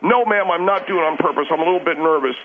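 Bumbling male caller voiced by a man, high voice, halting delivery, heard over a tinny phone line. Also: crowd noise, natural voice. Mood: flustered. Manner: halting, stumbling, fumbles names.

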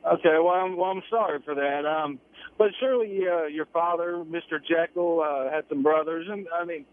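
A man's voice: on the high side, normal speed. A man with a Southern US accent, calling in to a radio show and asking hesitant, polite questions. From North Carolina. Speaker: caller. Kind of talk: phone-in call. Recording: muffled, distant phone line.

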